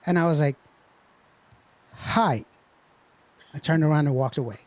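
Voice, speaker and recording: A man's voice: fairly high pitch, racing, a little mellow, no room sound. A man from Texas hosting a casual chat, joking, telling stories and laughing often. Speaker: host.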